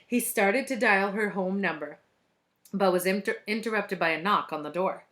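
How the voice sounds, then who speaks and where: A woman's voice: medium pitch, moderate pace, a bit bright. A woman reading a children's book aloud expressively, now and then speaking to young listeners.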